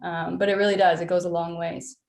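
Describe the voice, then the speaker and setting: A woman guest, a basketball coach, speaking earnestly in a casual interview, with light laughs and "um" pauses. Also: on the low side, little pitch movement, gravelly, darkish tone. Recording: roomy echo.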